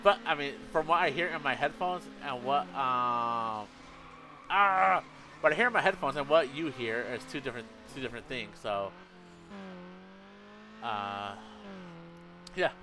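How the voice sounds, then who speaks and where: Over a headset, a man streams a racing game and rambles casually to his chat, often stopping to correct himself. His mid-range voice is unhurried with long pauses, and the loud engine sounds of the game run underneath along with background noise.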